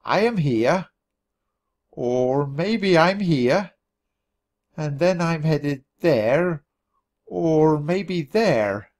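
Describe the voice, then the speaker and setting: A timid, fussy male mouse from a storybook who squeaks nervously at every turn, as a man puts him on. His voice is high and bounces all over the place. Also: sing-song, moderate pace. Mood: fretful.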